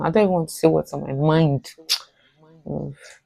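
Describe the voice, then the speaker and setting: A woman's voice: deep voice, fairly even intonation, normal speed, vocal fry, dark tone, low-quality recording. A woman hosting a reaction video, commenting on a story with emphatic exclamations.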